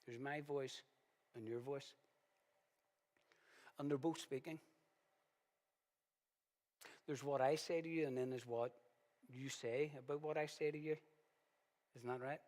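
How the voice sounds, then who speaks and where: A male pastor preaching a sermon in a conversational way, with sudden loud, emphatic bursts. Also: medium pitch, steady tone, unhurried, pauses often. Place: church hall. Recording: reverberant church hall.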